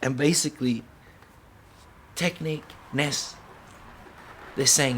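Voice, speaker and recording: A breakdancer delivering an impassioned, profane rant to camera, swinging between loud outbursts and hushed whispers and repeating lines for emphasis. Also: male voice, on the low side, lively intonation, moderate pace, slight background noise.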